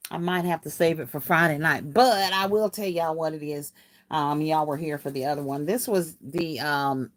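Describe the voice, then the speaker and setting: A woman's voice: fairly low pitch, no room sound. A woman hosting a casual crafting livestream. She reads viewer comments aloud and greets viewers by name in a chatty, folksy way, laughing often.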